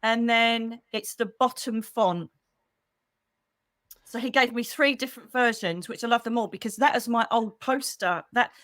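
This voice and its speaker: A middle-aged woman with a British accent, a psychic medium hosting a casual livestream for members, chatty and animated with quick asides, speaking into a computer mic. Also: on the high side, dry recording, studio quality. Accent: British English. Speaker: psychic medium and channel host.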